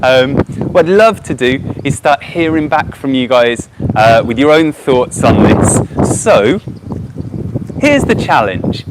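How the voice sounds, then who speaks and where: A man with a Brummie accent presenting an educational live stream outdoors, chatty and upbeat, with frequent ums and uhs. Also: fairly high pitch. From Birmingham, England. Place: outdoors by a car park. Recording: noisy outdoor phone stream.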